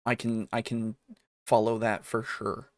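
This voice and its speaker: A man's voice: lowish voice, little pitch movement, measured pace, no room sound. A young man co-hosting a casual tabletop gaming podcast, chatty and enthusiastic, laughing often and talking through fillers. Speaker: podcast co-host. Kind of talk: casual chat.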